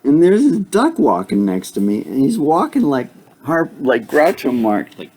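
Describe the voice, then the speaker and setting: A man's voice: medium pitch, wildly swooping pitch, moderate pace, darkish tone, husky. An older man telling a rambling personal story in a casual way, chuckling often and making sound effects. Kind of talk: casual spoken anecdote.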